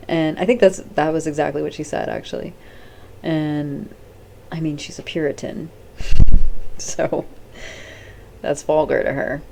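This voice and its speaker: A chatty woman talks through a show off the cuff in a low, gravelly voice with a mellow, dark tone. She rambles, quotes the characters in quick bits of their voices, and swears freely. A faint hiss sits under the recording. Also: steady tone. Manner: rambling, chatty, acts out characters' lines with "she's like"; blunt and swears casually. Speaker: host. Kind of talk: off-the-cuff video commentary.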